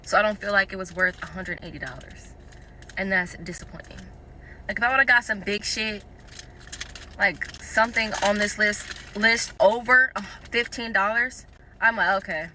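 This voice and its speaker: A woman's voice: medium pitch, normal speed, sharp tone, a little hiss or hum. A woman in a casual vlog rant, exasperated, repeating herself and swearing, recorded in a car.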